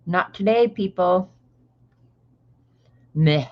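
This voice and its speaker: A woman's voice: fairly low pitch, extremely slow, muffled recording. An older woman hosting a livestream, chatting casually with viewers and reading aloud with dry, sarcastic asides. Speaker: livestream host.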